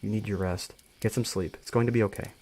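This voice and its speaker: A man reading as a gentle, soothing young man. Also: fairly low pitch, steady tone, fast, natural voice. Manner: soothing, reassuring. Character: calm, gentle young man comforting a friend.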